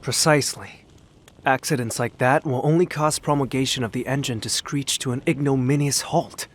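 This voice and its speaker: A man's voice: medium pitch, steady tone, normal speed, slight background noise, natural voice. An actor voicing an earnest, idealistic male inventor in a video game, speaking formally. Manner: earnest, formal, stammers when flustered. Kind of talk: game voice acting.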